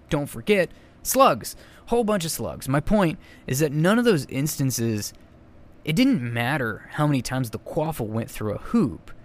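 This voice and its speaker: A man's voice: medium pitch, a little hiss or hum. Rambling, chatty man podcasting solo. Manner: chatty, rambling, self-correcting asides. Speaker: podcast host. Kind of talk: casual solo podcast commentary.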